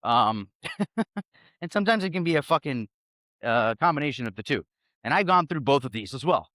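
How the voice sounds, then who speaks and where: Male self-help speaker, slightly high pitch, rambling and profane, casual monologue. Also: animated, normal speed, a bit bright, no echo, studio quality. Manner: profane, emphatic, rambling with many fillers.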